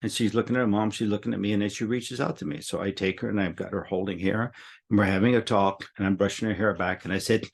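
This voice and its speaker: An older man with a somewhat low voice tells a story in a loose, rambling chat. He doubles up words as he goes and turns gentle and reassuring when he quotes what he said. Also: fairly even intonation, fast, creaky, slightly rough. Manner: rambling, repeats words, soothing when quoting himself. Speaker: guest teacher.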